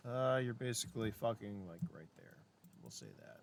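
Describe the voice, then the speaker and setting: A man's voice: fairly low pitch, big pitch swings, normal speed, creaky, hardly any pauses. A man narrating as game master of a tabletop game, casual and chatty, swearing often.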